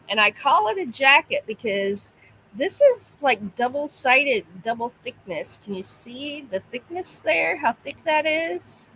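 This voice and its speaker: A woman's voice: high-pitched, pushed and bright, slight background noise, poor audio. A woman hosting a casual livestream from home, chatting to her pets and reading out viewer comments. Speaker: livestream host.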